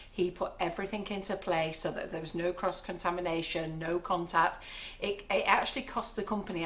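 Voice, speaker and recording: Chatty baking-show host, a woman in her sixties with a lowish voice, talking casually in a kitchen, rambling and quick to laugh. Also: fairly bright tone. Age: 60s. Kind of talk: casual live-stream chat.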